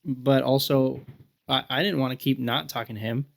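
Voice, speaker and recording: A man in his thirties tells a long personal story on a podcast. His voice sits at an ordinary middle pitch, and he rambles with constant fillers. He jumps into high-pitched impressions of the people he quotes. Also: steady tone, normal speed, creaky. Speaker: podcast guest. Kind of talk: casual storytelling chat.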